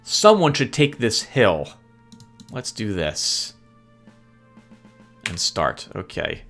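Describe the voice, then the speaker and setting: Lively man giving gameplay commentary. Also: on the low side, slow pace, gravelly, long pauses, faint music behind. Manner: chatty, laughs often, sheepishly apologetic. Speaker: let's play host.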